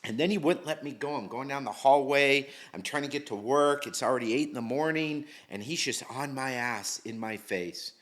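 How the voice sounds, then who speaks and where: A man's voice: mid-range voice, normal speed, few pauses, fairly bright tone. Candid middle-aged man telling his story. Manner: candid, slangy, swears freely. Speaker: interview guest. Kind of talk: casual storytelling.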